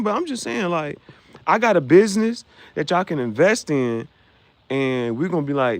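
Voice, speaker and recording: A man's voice: sits high, sing-song, moderate pace, no echo. A young man hosting a casual livestream, joking and reacting to viewers' comments with frequent laughter. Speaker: livestream host.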